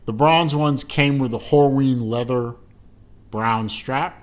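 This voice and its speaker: Slow, rambling middle-aged man reviewing a watch. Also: medium pitch. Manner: slow, rambling, with many fillers and self-corrections; dry self-mocking asides. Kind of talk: casual unboxing review.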